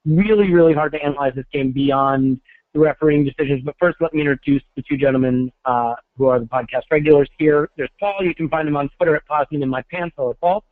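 A man's voice: fairly high pitch, fast talker, no room sound. Wry podcast host man on phone line. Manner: wry, joking, self-deprecating. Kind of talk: casual podcast hosting. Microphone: cell phone call-in.

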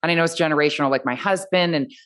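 A woman with a lower voice hosts a casual podcast conversation. She talks in an easy, chatty way and laughs often as she goes. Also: very fast. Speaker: podcast host.

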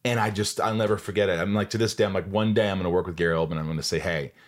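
A man's voice: low-pitched, fairly even intonation, racing, no echo. A man in his forties hosting a podcast, telling stories in an enthusiastic, rambling way. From Kentucky. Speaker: podcast host. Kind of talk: casual chat.

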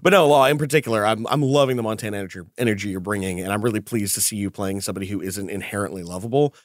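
A man's voice: on the low side, very fast, dry recording, clean studio sound. A man running a tabletop game podcast, talking candidly and laughing often. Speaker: game master. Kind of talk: casual tabletop podcast chat.

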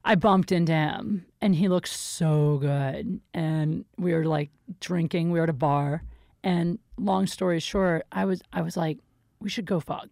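A woman's voice: on the low side, measured pace, gravelly, a little mellow, no room sound, clean studio sound. A woman hosting a podcast, telling a story in casual chat, blunt and profane. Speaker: podcast host.

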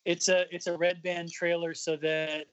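A man co-hosting a podcast in a relaxed, unhurried way. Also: fairly high pitch, clear, resonant tone. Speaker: podcast co-host. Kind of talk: casual chat.

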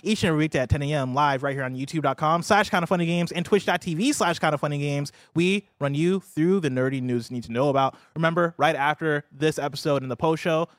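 A man's voice: a little high, quick pace, few pauses, dry recording, studio quality. Upbeat American man hosting a gaming show. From United States. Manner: upbeat, laughs easily, trips over words. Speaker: podcast host. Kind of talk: casual gaming news chat.

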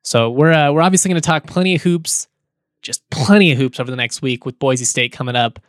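A man hosting a sports podcast, talking in a relaxed, chatty way with fillers and small chuckles. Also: mid-range voice, a little fast, no echo, clean studio sound. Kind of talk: casual podcast talk and read ad.

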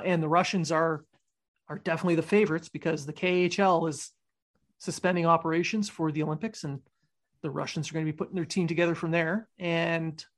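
Wisecracking podcast man. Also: on the high side. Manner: joking, wisecracking. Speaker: podcast co-host. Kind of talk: casual sports chat.

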